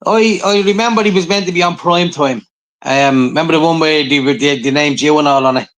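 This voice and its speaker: Swearing Irish man, higher voice. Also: fairly quick, slight background noise, poor audio. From Ireland. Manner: swears often, animated storytelling. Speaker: podcast co-host. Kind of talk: casual chat.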